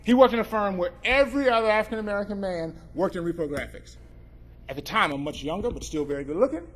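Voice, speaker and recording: High-voiced man telling a funny story. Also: quick pace. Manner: animated, joking asides to the audience. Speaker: attorney and speaker. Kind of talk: humorous storytelling talk.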